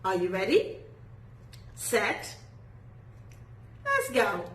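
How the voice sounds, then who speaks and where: A woman teaching a children's phonics lesson, modelling sounds slowly and praising warmly in a sing-song way. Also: mid-range voice, wildly swooping pitch, echoey room, poor audio.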